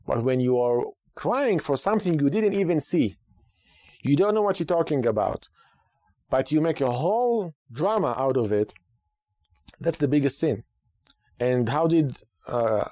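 A rabbi who hosts a radio podcast offers lively talk-show commentary, using rhetorical questions and repeated phrases for emphasis. His mid-range voice moves a little slowly with long pauses, and there's no echo.

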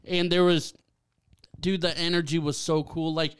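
A young man from Ohio co-hosting a podcast, chatting casually and excitably, laughing often and saying dude and man a lot. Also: fairly high pitch, moderate pace, clear, resonant tone. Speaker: podcast co-host. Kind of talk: casual chat.

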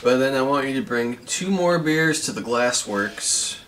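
A man playing in a tabletop game, speaking casually with halting restarts. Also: medium pitch, animated, a bit bright. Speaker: player. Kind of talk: casual in-character play.

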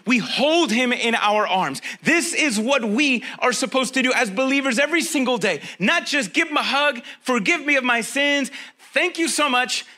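A man's voice: extremely high pitch, sharp tone. A man preaching a sermon as a pastor, talking straight to his listeners in a conversational way and driving points home with repetition.

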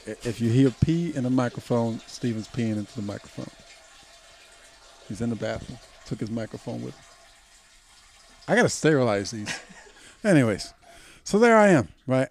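A young adult man from Puerto Rico, heatedly telling a long, profane story as a podcast co-host. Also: fairly high pitch. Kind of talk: casual storytelling chat.

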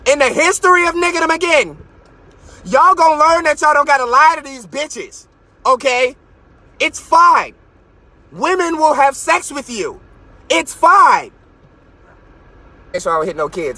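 A man hosting a live stream, ranting in a profane, mocking way from his car and sometimes breaking into shouts. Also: very high voice, animated, a little slow, pauses often. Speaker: podcast host.

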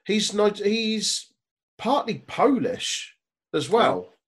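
A man's voice: high-pitched, wildly swooping pitch, very slow, fairly bright tone, slightly rough. A young man co-hosting a casual chat, making jokey, sweary asides and laughing often. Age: young adult. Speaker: podcast co-host.

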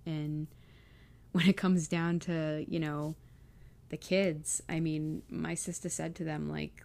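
A woman's voice: deep voice, flat delivery, slow, vocal fry, a little mellow. A young woman vlogging casually about leaving home, emotional and close to tears, with many fillers. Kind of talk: casual personal vlog.

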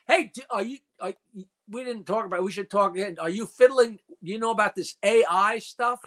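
High bright-voiced older joke-telling man. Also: fairly quick. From New York. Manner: boisterous storyteller, rattles off dirty jokes. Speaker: comedian guest. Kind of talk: casual call-in chat.

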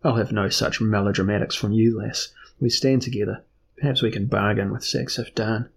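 A man's voice: on the low side, moderate pace, creaky. A man voicing a sardonic sorcerer-emperor. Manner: sardonic, steady. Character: sardonic albino sorcerer-emperor, proud and moody.

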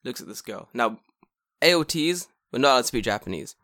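A man's voice: medium pitch, brisk, no echo, studio quality. A young man co-hosting a podcast, telling a story in casual, profane chat. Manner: profane, animated storytelling with acted quotes. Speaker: podcast co-host.

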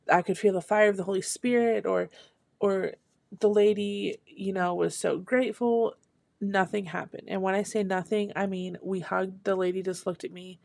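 A woman tells a personal story of faith with earnest conviction. Her voice stays flat and even, with a gravelly edge. The sound is dry and close, with no room around it. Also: mid-range voice, dry recording. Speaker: speaker sharing a testimony. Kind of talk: devotional testimony talk.

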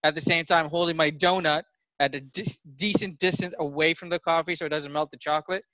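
A man's voice: on the high side, fairly even intonation, a little fast, pushed and bright, no echo. A man who does stand-up comedy, telling an angry story in casual podcast banter.

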